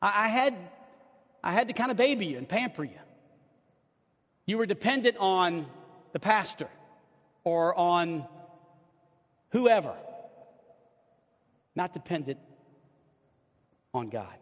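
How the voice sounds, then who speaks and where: A middle-aged pastor's sermon comes through long hall reverb, his high, animated voice slow and often pausing. He is impassioned, shifting from loud outbursts to hushed asides, with stammered restarts.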